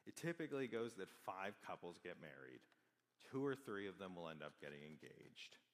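Guy preaching a sermon, super deep voice, chatty and earnest, big echoey church. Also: very animated, normal speed. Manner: conversational, earnest, with fillers and restarts. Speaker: guest preacher. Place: church sanctuary. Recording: long church reverb.

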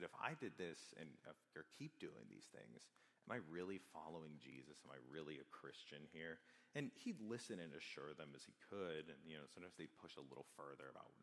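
A man's voice: very deep voice, fairly bright tone, long reverb tail. A young adult man giving a sermon as a guest preacher, in an earnest, conversational storytelling manner.

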